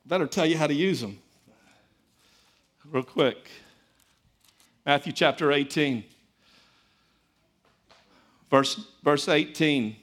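A man preaching a sermon as a pastor, telling stories in an animated, conversational, folksy way. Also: fairly high pitch, takes it slowly, pauses often.

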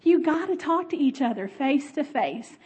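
A middle-aged woman giving a conversational sermon, expressive, laughing often and talking with the audience. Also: sits high, moderate pace. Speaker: speaker.

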